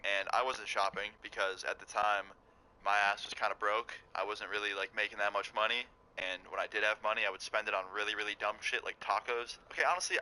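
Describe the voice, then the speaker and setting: A young man casually telling a story to camera, profane and animated. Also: on the low side, low-quality recording. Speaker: vlogger.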